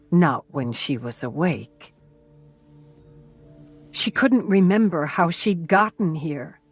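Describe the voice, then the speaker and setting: A woman narrating a thriller audiobook in a slow, measured, even way. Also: fairly low pitch, no echo.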